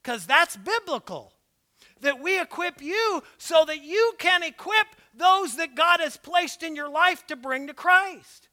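A man preaching as pastor in a church, emphatic and building to shouts, with a slight lisp and light asides. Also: extremely high pitch, expressive, unhurried. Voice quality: slight lisp from dental aligners. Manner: emphatic preaching, rising to shouts on key points; breaks into laughter and asides. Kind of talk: sermon. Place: church sanctuary, also live-streamed.

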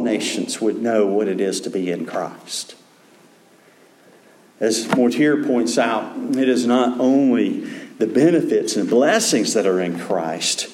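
A man preaching a sermon as pastor, earnest, dropping to a hush and then rising to emphatic calls. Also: fairly low pitch, expressive, slow, echoey room.

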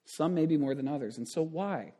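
A man's voice: on the high side, moderate pace, dark tone. A man in his thirties, a pastor giving a conversational sermon with frequent asides and restarts.

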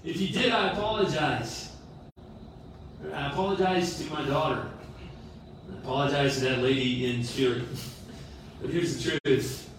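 A middle-aged man preaching a sermon as a pastor, earnest and animated, with self-deprecating humor. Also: a little high, moderate pace, long pauses, a little hiss or hum. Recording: roomy echo from far off the mic.

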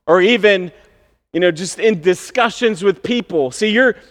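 A man's voice: sits high, normal speed, fairly bright tone. A male pastor preaching a sermon in a conversational, storytelling way with bursts of emphasis. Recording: long hall reverb.

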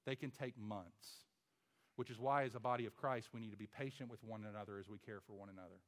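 A man preaching a sermon as pastor, emphatic, with rhetorical questions and swings from loud to hushed. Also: on the low side, steady tone, quick pace.

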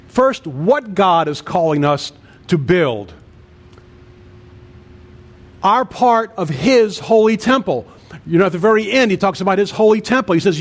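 A man in his sixties, a pastor preaching a sermon with an earnest cadence and emphatic repeated lists. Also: sits high. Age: 60s.

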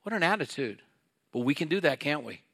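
A man's voice: a little high, sing-song, fairly quick, creaky, a bit bright. A middle-aged male pastor preaching a sermon in an earnest, conversational way, acting out little quoted exchanges.

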